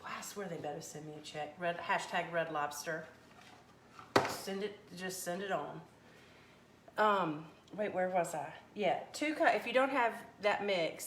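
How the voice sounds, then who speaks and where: A woman hosting a casual live cooking stream from her home kitchen, folksy and animated as she reads viewer comments. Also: lowish voice. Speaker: cooking livestream host. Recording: echoey kitchen with faint background noise.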